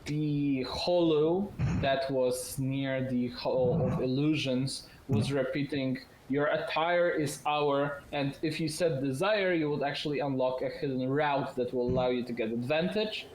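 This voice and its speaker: A man's voice: mid-range voice, measured pace, hardly any pauses, roomy sound, a little hiss or hum, low-quality recording. A man narrating as game master, explaining at length with fillers and restarts. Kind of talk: narrating a tabletop game over voice chat.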